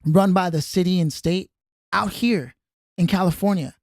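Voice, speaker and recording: A man co-hosting a podcast in casual chat, an animated storyteller who laughs easily and acts out quotes. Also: sits high, normal speed, no echo, clean studio sound. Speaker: podcast co-host.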